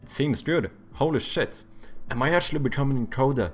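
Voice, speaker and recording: A man's voice: mid-range voice, expressive, brisk, faint music behind. Joking young man live-streaming. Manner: joking, self-deprecating, swears freely. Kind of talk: casual live-stream chat while coding. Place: home streaming setup.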